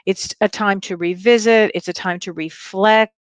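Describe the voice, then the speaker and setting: A woman's voice: mid-range voice, fairly even intonation, moderate pace, dry recording, lo-fi sound. A woman hosting a casual livestream as a spiritual medium from home. She talks in a bubbly, effusive way and laughs often.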